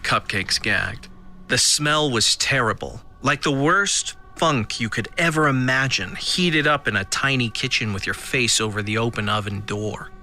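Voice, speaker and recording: A man reads a scripted audio drama in the first person, dry and a little wry. His voice is bright and crisp, with faint music behind. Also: mid-range voice, animated, unhurried. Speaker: narrator.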